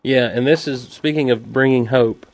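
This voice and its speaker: A man's voice: mid-range voice, moderate pace, no echo. Man, podcast co-host, wry, dry humor, dry close sound. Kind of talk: casual podcast chat.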